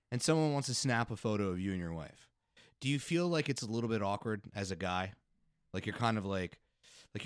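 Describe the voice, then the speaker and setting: A man's voice: lowish voice, a bit bright, no echo, clean studio sound. A middle-aged father co-hosting a casual podcast, arguing heatedly and swearing as he makes his points. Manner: heated, profane and emphatic. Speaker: podcast co-host.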